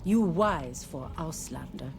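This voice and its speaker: Stern tribal guide. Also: male voice, a little high, lively intonation, slow, creaky, noisy background, heavily acted. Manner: broken, clipped English. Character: tribal male guide, blunt broken speech. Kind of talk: video game dialogue.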